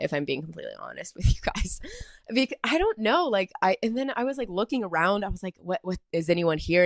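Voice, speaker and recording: A woman's voice: on the low side, dry recording, studio quality. A young woman from Atlanta hosting a solo podcast, telling a story in a chatty, rambling way full of "like". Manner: chatty, rambling, heavy filler "like". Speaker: podcast host.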